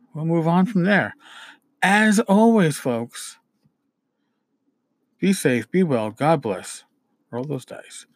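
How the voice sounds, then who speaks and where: A man's voice: on the high side, no echo. A man with a New York accent hosting a casual solo show, rambling and correcting himself as he talks. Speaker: podcast host.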